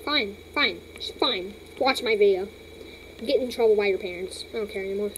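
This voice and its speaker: A woman's voice: medium pitch, a little fast, a little hiss or hum, poor audio. A woman hosting a casual toy vlog, rambling dramatically and breaking into shrieks. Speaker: channel host.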